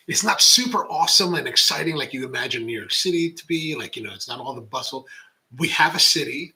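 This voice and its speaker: Chatty bright-voiced man. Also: a little high, poor audio. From Baltimore, USA. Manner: rambling and chatty, drops to whispers for jokes. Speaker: coffee livestream host reading chat. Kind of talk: casual chat.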